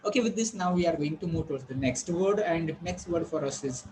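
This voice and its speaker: A man's voice: fairly high pitch, brisk, a little mellow, a little hiss or hum, poor audio. A man teaching a pronunciation lesson, drilling words and asking the class rhetorical questions.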